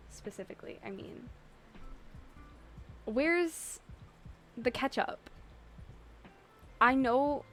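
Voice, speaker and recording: A woman's voice: fairly high pitch, fairly bright tone. A young woman from the US Midwest chatting casually and giggling with viewers on a live stream. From Illinois, US Midwest.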